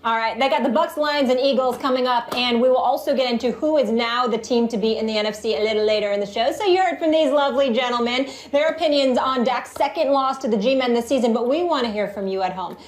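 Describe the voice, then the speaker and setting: A woman with a fairly high voice hosts a sports talk show, reading segment introductions briskly and cheerfully. The studio around her gives the voice a noticeable echo. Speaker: TV show host. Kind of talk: scripted show hosting.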